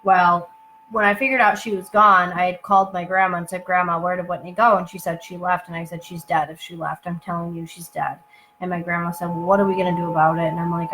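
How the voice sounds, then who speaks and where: A young woman telling a personal story at home, halting, with many fillers and asides. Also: fairly low pitch, bright, forceful tone, a little hiss or hum, rough recording. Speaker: channel host telling her story.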